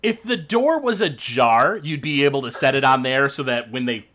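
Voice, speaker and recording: A man's voice: mid-range voice, normal speed. A man narrating as game master of a tabletop game, talking with many fillers. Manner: lively, hesitant narration with fillers.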